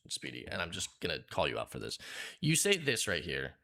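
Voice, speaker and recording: A man's voice: very deep voice, wildly swooping pitch, brisk, bright, forceful tone. A man streaming a game, ranting angrily at a viewer in a blunt, profane, lecturing way. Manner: lectures in a hammering, repetitive way. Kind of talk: heated rant at a chat viewer.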